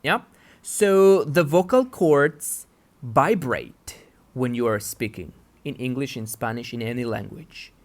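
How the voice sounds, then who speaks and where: A man's voice: mid-range voice, slow. A man teaching an English pronunciation lesson, patiently explaining and checking that his students follow along. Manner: patient, checks understanding with "yeah?".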